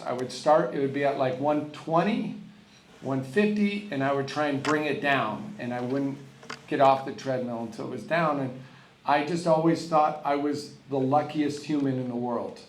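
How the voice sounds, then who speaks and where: A man's voice: on the high side, slight background noise. Man, middle-aged, tennis coach, acceptance speech, wry storyteller, echoey banquet hall. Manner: self-deprecating storyteller, candid and wry. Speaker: hall of fame inductee, college tennis coach. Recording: echoey hall with faint room ambience.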